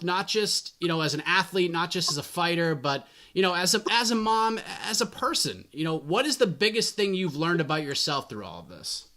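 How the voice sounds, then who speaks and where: Young guy interviewer, bright and a bit high, rambling casual questions. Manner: chatty, long winding questions. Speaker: MMA interviewer.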